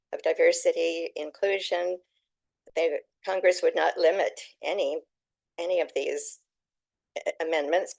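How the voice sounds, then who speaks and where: An older woman with a low, gravelly voice reads a passage from her own book. She sounds earnest and moved, and often stops to restart a phrase. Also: a little mellow, no echo, poor audio. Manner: earnest, emotional, halting with restarts. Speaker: author speaking at a meeting. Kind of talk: reading aloud from her book.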